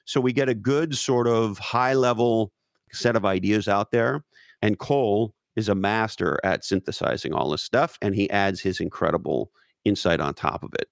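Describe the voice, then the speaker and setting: A man with a low, gravelly voice talks in a loose, emphatic way, swearing freely and piling up restarts. The sound is dry and close, with no room around it. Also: normal speed, dry recording. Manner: profane, repetitive restarts, emphatic. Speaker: guest. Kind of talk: casual interview talk.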